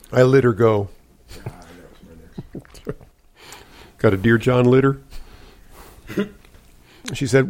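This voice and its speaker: A man with a gravelly, creaky voice trades puns in a casual podcast chat. He drops each joke deadpan, at a middling pitch. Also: slow, long pauses. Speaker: podcast co-host. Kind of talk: casual pun-swapping chat.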